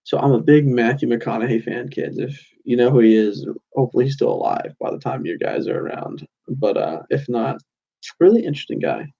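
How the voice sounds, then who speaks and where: Gravelly young man rambling casually. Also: mid-range voice, expressive, fairly quick, dark tone, highs cut off. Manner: loose and meandering, with many fillers and restarts. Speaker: channel host. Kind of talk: casual rambling monologue to camera.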